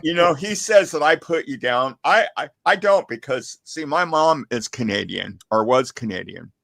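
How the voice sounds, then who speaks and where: A man in casual podcast banter, teasing and stammering, with a gravelly voice. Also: medium pitch, animated, normal speed, a bit bright, no room sound.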